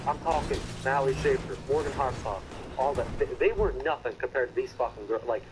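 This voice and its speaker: A man's voice: mid-range voice, fairly quick. A young man telling a rambling, profane story in casual chat, laughing at his own tale. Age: young adult. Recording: loud vehicle noise behind. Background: car engine and road noise.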